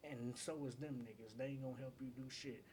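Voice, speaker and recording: A man's voice: mid-range voice, fairly even intonation, quick pace, a little mellow, slight background noise. A man hosting a casual breakdown of rap battle lyrics, repeating lines and asking "get it?" as he explains each joke.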